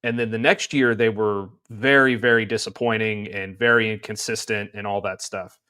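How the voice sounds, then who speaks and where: A man's voice: fairly low pitch, fairly even intonation, normal speed, bright, forceful tone, clean tone. A man co-hosting a sports talk show, talking casually and circling back on his points. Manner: rambling, many restarts and fillers.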